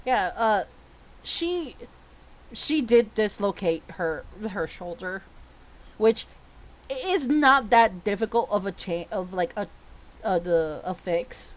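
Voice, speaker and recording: A woman's voice: medium pitch, expressive, slow. A woman narrating a tabletop game as game master, in a casual, filler-heavy way.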